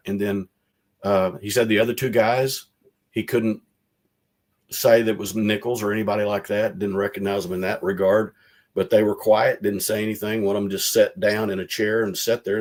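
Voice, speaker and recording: A man's voice: lowish voice, normal speed. A man, a former legislator and guest, talking on a video call and recounting events in a rambling way. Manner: rambling, retells quotes in a lively voice. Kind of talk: casual storytelling over a video call.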